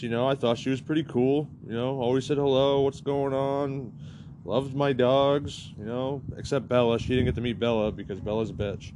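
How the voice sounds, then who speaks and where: A man in the middle of a storytime rant, his voice pitched right at an everyday middle. He rambles and swears freely, leaning on "like" every few words. A faint hum of surroundings sits under him. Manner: profane, rambling, heavy use of "like". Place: campground in New Mexico.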